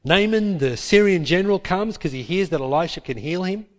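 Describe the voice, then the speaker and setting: A man preaching a sermon, retelling Bible stories with lively acted-out quotes. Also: high-pitched, brisk. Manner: lively storytelling, acts out biblical characters in quotes. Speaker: pastor.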